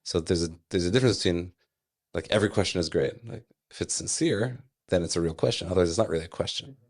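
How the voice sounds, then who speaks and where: A man with a very low, deep voice, speaking as a podcast guest in a studio. He explains his points patiently and step by step, like a teacher. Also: fast. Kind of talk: casual discussion.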